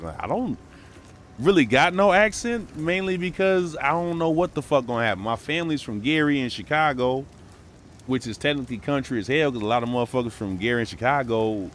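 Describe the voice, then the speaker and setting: A man with a Brooklyn-tinged American accent, chatting casually on a game stream in loose, profane slang and shouting out his viewers. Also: medium pitch, a little hiss or hum. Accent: Brooklyn-tinged American English. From born in New York, raised in Minneapolis.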